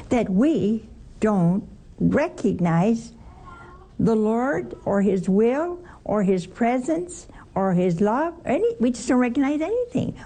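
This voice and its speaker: A woman teaches scripture to a group with wry humor and a steady stream of questions to her listeners. Her voice is low, mellow and gravelly with fry. She takes her time over each point. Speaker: Bible study teacher. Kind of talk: informal Bible teaching.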